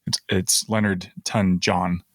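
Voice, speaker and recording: A man's voice: low voice, level tone, slow, fairly bright tone, no room sound, studio quality. A man co-hosting a podcast, chatting casually and fumbling hesitantly for his words. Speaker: podcast co-host. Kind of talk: casual chat.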